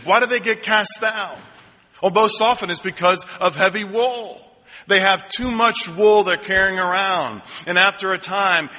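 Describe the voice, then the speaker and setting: A man preaching a sermon as pastor, telling a story slowly and building to ringing, repeated lines. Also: sits high, bright, forceful tone. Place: church sanctuary. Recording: long hall reverb.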